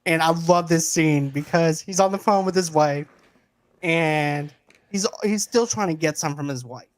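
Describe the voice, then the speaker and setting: Higher-voiced man recapping a movie. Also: measured pace, no echo. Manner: lively plot recap, laughing, quoting characters. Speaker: podcast host. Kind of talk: casual movie review chat.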